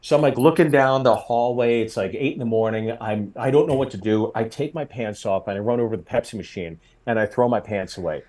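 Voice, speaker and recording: A comedian in his forties telling a story in casual chat, getting loud and high when he acts out quotes. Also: a little fast, few pauses. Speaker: comedian guest.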